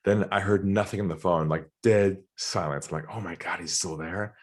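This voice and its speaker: At a moderate pace, a middle-aged Australian sales trainer with a fairly low voice relates anecdotes in an interview. Energetic and animated, he acts out the quoted voices and laughs a lot.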